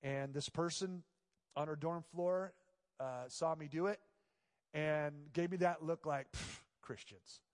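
A man's voice: fairly high pitch, fairly even intonation, unhurried. A man preaching a sermon, telling a story and then pressing the point with emphatic repetition. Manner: storytelling, voices characters, builds to emphatic repetition. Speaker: pastor. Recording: long hall reverb.

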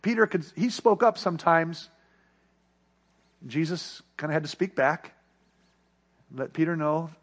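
Guy preaching a sermon, earnest storyteller, voice pretty high, goes up and down a lot. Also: lively intonation, unhurried, long pauses. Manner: earnest, rising then hushed.

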